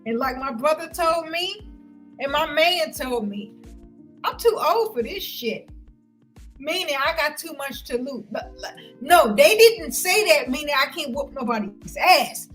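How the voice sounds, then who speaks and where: High, bright, heated woman ranting. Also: expressive, a little slow, soft background music, low-quality recording. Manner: loud, heated and confrontational, with frequent cursing. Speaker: vlogger ranting to viewers. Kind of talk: profane livestream rant.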